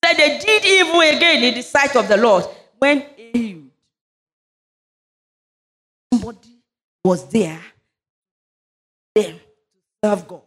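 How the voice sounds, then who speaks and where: A woman's voice: fairly high pitch, expressive, slow pace, long pauses. A woman preaching a sermon, reading scripture and leading fervent prayer. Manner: fervent, rising into loud declarations during prayer.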